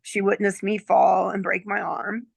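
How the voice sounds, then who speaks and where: A woman's voice: medium pitch, flat delivery, a little slow, vocal fry, breathy edge, no room sound. A woman in her sixties, a former nurse, telling a chatty story as a client testimonial, often checking in with "okay?" and "right?". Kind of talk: casual storytelling chat.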